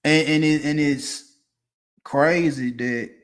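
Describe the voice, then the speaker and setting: A man, ranting casually and profanely, swinging from low mutters to loud, emphatic bursts. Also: fairly even intonation, slow. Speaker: streamer giving opinions.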